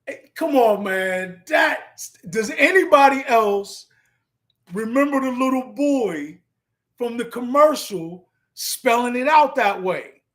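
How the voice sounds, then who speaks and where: A man's voice: very high voice, animated, takes it slowly, fairly bright tone. A man hosting a live stream in a casual, laid-back way, chuckling often and spelling words out letter by letter as he chats with viewers.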